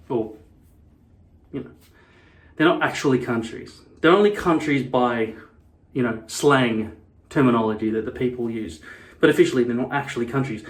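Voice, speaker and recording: A man vlogging casually to camera, blunt and profane, wandering into rambling asides. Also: mid-range voice. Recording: echoey room.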